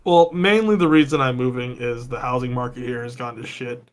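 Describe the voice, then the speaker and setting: A man's voice: mid-range voice, steady tone, a little fast, clean tone. A man from Texas co-hosting a podcast, chatting casually, swearing often and laughing a lot. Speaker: podcast co-host. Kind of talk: casual chat.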